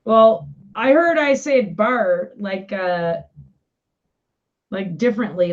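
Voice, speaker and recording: A woman's voice: medium pitch, slow, long pauses, dull audio. A woman co-hosting a live stream, chatting casually in a playful, teasing way. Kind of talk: casual chat.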